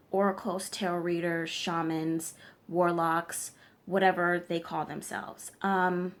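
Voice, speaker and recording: A woman tarot reader giving emphatic advice straight to her viewers, often checking in with them as she lectures. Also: on the low side. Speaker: tarot reader and spiritual practitioner. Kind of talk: direct-to-camera advice vlog.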